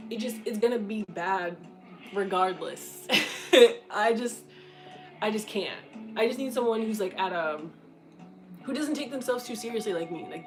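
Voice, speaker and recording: Through poor audio, a twentysomething content creator with a medium-pitched voice answers questions in a frank, casual way. Her talk is blunt and full of profanity, broken up by frequent laughter.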